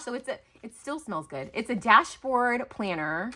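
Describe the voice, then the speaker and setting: A woman in her thirties chatting casually as she opens craft mail at home, gushing and excitable with lots of fillers and gasps. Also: a little high, normal speed. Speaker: crafting channel host. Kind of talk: casual unboxing chat. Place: home, near garage.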